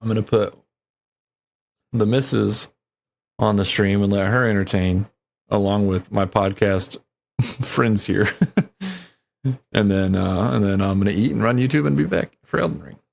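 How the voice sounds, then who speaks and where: An easygoing man hosts a live game stream, his voice low and gravelly with a fry at the ends. He talks loosely, chuckles often and lets his sentences trail off. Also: unhurried, pauses often. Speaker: streamer and podcast host. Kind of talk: casual chat on a live stream.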